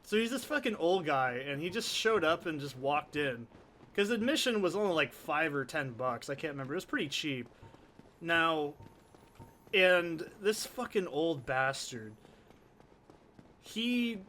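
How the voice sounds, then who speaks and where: A man's voice: fairly high pitch, pushed and bright, a little hiss or hum. A young man doing casual, profane, rambling gameplay commentary from his home desk mic. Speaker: let's play commentator. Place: soundproofed home corner. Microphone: desk condenser mic.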